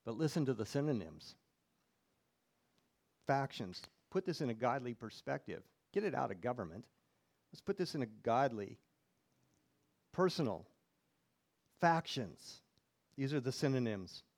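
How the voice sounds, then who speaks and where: A man's voice: medium pitch, big pitch swings, measured pace, pauses often. A male pastor preaching a sermon in church, reading scripture aloud and putting questions to the congregation.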